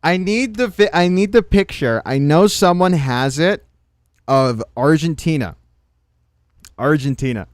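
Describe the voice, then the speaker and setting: A young adult man with a slightly high voice speaks a little slowly. He hosts a casual reaction livestream, joking and exclaiming in loose, slangy talk.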